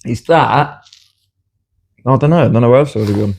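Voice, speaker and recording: A man's voice: medium pitch, brisk, creaky, darkish tone, husky. A young man in casual podcast chat, laid-back and jokey, using slang.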